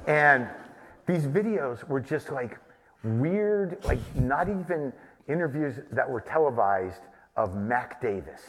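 A man's voice: medium pitch, expressive, slow pace, slight background noise. A man from New Mexico, a guest at a live podcast taping, telling a long, rambling, profane story. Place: live stage taping before an audience. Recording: long hall reverb.

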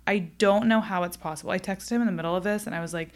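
A woman's voice: medium pitch, racing, few pauses. A young woman hosting her own podcast, chatting candidly and casually, swearing and laughing as she talks. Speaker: podcast host. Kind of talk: casual solo podcast chat.

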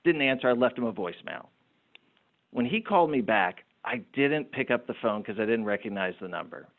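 A middle-aged man talks as an interview guest, spinning stories with animated energy and the odd repeated word. His voice sits at an ordinary pitch. The sound is narrow and tinny, like a phone call. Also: brisk. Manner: animated, repeats words while telling anecdotes. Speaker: guest, small business owner. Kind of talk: interview storytelling.

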